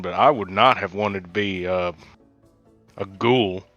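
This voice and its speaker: A man talking in character at a tabletop game, wry and hesitant. His low voice is bright and lively in pitch. The mic sounds dull and dry, with faint music. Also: measured pace, no echo. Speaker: player.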